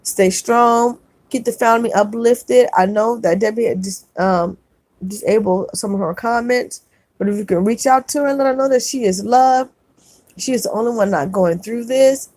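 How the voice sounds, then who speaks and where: A woman hosting a livestream, reading chat comments aloud and gently consoling viewers, often repeating her words. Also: on the high side, normal speed, dry recording. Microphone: phone.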